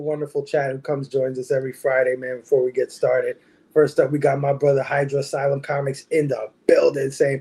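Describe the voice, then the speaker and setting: A man's voice: fairly high pitch, darkish tone. Upbeat man hosting a panel. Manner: hype, friendly, laughs often. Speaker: podcast host. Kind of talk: casual panel chat.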